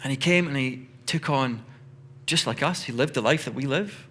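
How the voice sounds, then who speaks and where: Bright, conversational male pastor. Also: medium pitch, normal speed. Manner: conversational, animated storytelling. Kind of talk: sermon.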